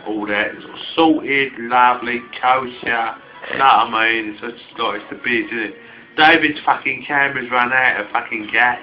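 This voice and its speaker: A man's voice: medium pitch, moderate pace, faint music behind. A man rambling and swearing in a casual late-night chat at home while drinking. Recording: dull home video, 80s radio playing.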